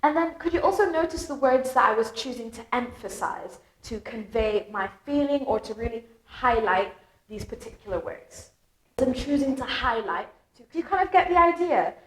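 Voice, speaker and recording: British woman, English teacher, fairly high, melodic stressing, echoey room. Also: lively intonation, normal speed. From Britain. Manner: melodic, exaggerated stress on key words. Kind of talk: lively explanatory lesson.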